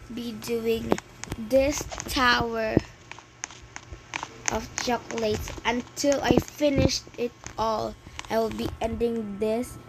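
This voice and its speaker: Excitable woman, gameplay chatter. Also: fairly high pitch. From Philippines. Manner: excitable, chatty, frequent exclamations. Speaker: gaming channel host. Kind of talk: casual gameplay commentary. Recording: clear background noise with clicks.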